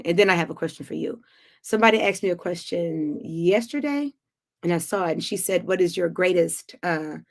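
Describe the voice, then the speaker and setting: A middle-aged woman singer chatting effusively to viewers on her weekly livestream. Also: medium pitch. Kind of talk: casual livestream chat.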